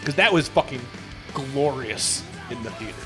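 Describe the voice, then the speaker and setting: A man co-hosting a casual podcast chat, emphatic and quick to swear. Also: mid-range voice, animated, music in the background. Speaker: podcast co-host.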